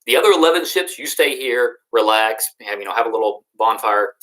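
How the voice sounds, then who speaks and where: A man's voice: mid-range voice, lively intonation, brisk, a bit bright, close to an everyday voice, rough recording. A man doing a cocky Greek hero captain. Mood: casual. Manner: casual, slangy.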